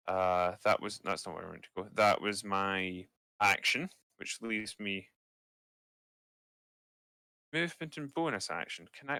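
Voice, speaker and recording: A man's voice: lowish voice, sharp tone, dry recording. A man playing a tabletop game, thinking aloud with hesitations and dry jokes. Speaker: player.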